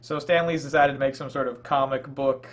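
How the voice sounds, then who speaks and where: A man's voice: mid-range voice, steady tone, brisk. A young man co-hosting a casual podcast, with wry, dry humor. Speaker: co-host. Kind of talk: casual chat.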